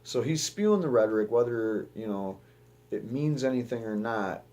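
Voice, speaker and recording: A man's voice: medium pitch, animated, moderate pace, a little mellow. A young man from the United States giving rambling, profane news commentary as the host of his own show, often restarting his sentences.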